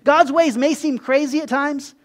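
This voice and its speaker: A man preaching a sermon in a relaxed, conversational way, slipping into quick acted-out asides. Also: extremely high pitch. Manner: conversational, acts out voices in quotes, animated asides. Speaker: pastor.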